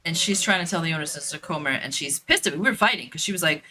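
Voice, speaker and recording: A woman's voice: low voice, lively intonation, racing, pushed and bright, slight background noise. A woman telling a story in a blunt, profane, casual way while streaming a game, with lots of fillers and repeats.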